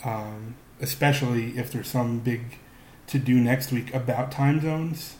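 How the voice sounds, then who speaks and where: A man's voice: mid-range voice, fairly even intonation, unhurried, darkish tone. Man, podcast co-host, casual rambling chat, lots of restarts, echoey room, faint background noise. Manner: rambling, with frequent restarts and fillers. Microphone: podcast microphone.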